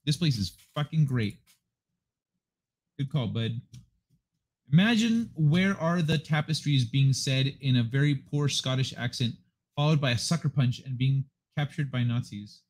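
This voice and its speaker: This livestream host rambles casually to viewers from his apartment living room desk mic, swearing plenty along the way. His mid-range voice has lively intonation, and he speaks unhurriedly with frequent pauses.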